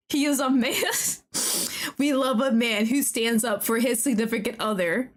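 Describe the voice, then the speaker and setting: A young woman streaming a game, talking to the characters, excitable and often laughing or swearing. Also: a little high, moderate pace. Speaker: VTuber streamer. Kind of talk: casual gameplay commentary.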